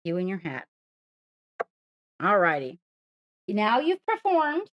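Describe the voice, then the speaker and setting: A woman's voice: mid-range voice, huge pitch swings, slow, fairly bright tone, dry recording, clean studio sound. A woman hosting a live stream, coaxing and praising her pet in playful sing-song talk. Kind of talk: live-streamed casual chat.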